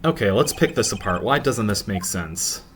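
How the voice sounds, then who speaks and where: A man's voice: fairly low pitch, animated, moderate pace, fairly bright tone, a little hiss or hum. Sarcastic male let's-play commentator. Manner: sarcastic, mocking. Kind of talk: casual let's-play commentary, reading game lines aloud.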